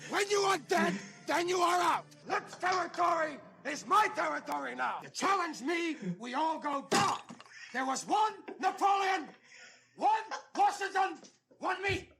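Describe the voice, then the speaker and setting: An actor playing furious film tough guys, screaming with raspy, drawn-out yells, in a film scene. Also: male voice, very high-pitched, expressive, exaggerated voice. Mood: raging. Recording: roomy noisy film clip playback.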